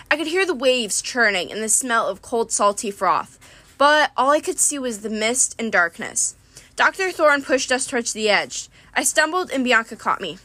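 A woman's voice: a little high, sharp tone, no room sound. Woman reading a novel aloud, dry sound. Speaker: reader. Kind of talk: audiobook reading of a first-person novel.

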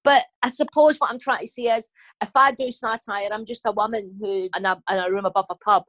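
A woman's voice: mid-range voice, fairly even intonation, a little fast, a bit bright, no room sound. A Glaswegian woman in her fifties, a comedian talking bluntly and cheekily in an interview, swearing freely. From Scotland. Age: 50s. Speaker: comedian and guest. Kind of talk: casual interview talk.

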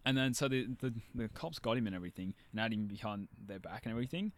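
A man's voice: fairly low pitch, animated, fast talker. Rambling young Australian man. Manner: rambling, swears, lots of fillers and restarts. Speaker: shop worker telling a story. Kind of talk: casual chat.

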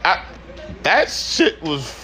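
A man's voice: a little high, sing-song, extremely slow, bright, forceful tone, slight background noise. A young man hosting a podcast, ranting casually with lots of slang and swearing, laughing often. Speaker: podcast host. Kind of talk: casual opinion rant.

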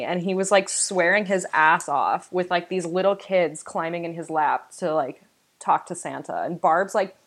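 A young woman with a notably low voice, talking in a loose, rambling way. She co-hosts a casual podcast, and her sentences are strung together with lots of "like.". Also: low-quality recording. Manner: chatty, filler-heavy, uses "like" a lot. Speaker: podcast co-host. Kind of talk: casual chat.

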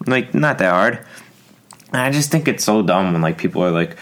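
A man's voice: low-pitched, fairly quick, a bit bright. A young man hosting a solo podcast, rambling through a casual rant with lots of fillers and restarts. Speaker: podcast host.

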